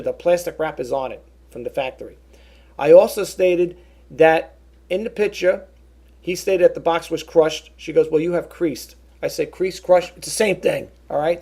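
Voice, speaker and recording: Speaking with a fairly high pitch, vocal fry, a warm tone and a breathy edge, the middle-aged man rambles through his casual vlog. He tells an indignant story, often restarting his words and quoting both parties on a phone call.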